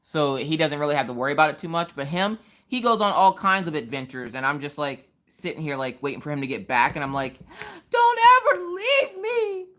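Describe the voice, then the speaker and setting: Woman, live-stream host, casual crafting chat, animated and chatty, bright tone. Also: low-pitched, quick pace, few pauses. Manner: animated, chatty, greets viewers and answers chat.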